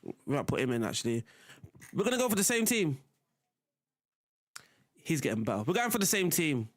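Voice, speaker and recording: Chatty male game streamer, lively voice. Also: a little high, moderate pace. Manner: chatty, talks to chat while playing. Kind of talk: casual live-stream commentary.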